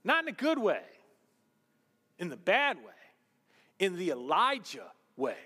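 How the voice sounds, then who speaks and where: A man preaching a sermon as pastor, swinging between loud emphasis and hushed asides. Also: sits high, huge pitch swings, unhurried, slightly rough. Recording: long hall reverb.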